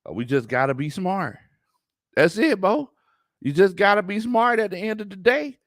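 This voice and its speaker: A man's voice: sits high, dry recording, studio quality. A man hosts a casual live sports stream, reading chat comments, laughing often and drawing out his words. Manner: animated, laughs often, drawn-out colloquial speech. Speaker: sports talk show host.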